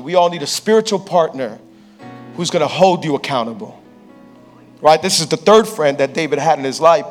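A pastor preaching a sermon on a church stage, telling a story playfully and acting out the people in it. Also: male voice, sits high. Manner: lively, playful storyteller who acts out quotes.

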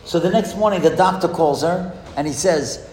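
A man giving a storytelling speech in a school hall, lively and asking the audience questions. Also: a little high, moderate pace, slight background noise. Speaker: speaker addressing a school audience. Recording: echoey hall with long reverb.

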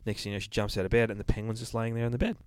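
A man's voice: lowish voice, flat delivery, rapid-fire, smooth, dry recording. A man casually retelling a horror comic as a reviewer, in a loose, sweary, rambling way full of fillers.

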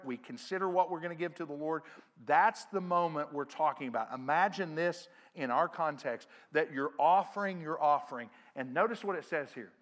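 Middle-aged male pastor, earnest sermon delivery, slightly high voice. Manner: earnest preaching, swells louder on scripture quotes. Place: church sanctuary.

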